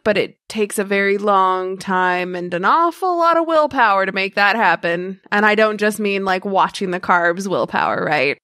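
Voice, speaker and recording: A woman playing a tabletop role-playing game, unhurried and sardonic. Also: medium pitch, a bit bright, no echo, clean studio sound. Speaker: player. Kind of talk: tabletop role-play, in and out of character.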